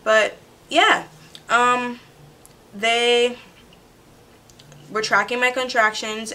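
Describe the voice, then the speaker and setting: A young woman originally from Jamaica, casually telling a personal story to her camera in a chatty, animated way. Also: medium pitch. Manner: chatty, animated retelling with quoted voices. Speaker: vlogger. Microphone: camera mic.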